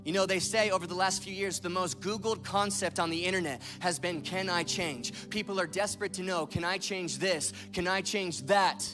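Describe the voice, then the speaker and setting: A pastor in his thirties delivering a sermon, telling stories with self-mocking humor and dropping to a hushed voice when he prays. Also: high voice, normal speed, hardly any pauses, music in the background. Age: 30s. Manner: drops to a soft, hushed voice in prayer.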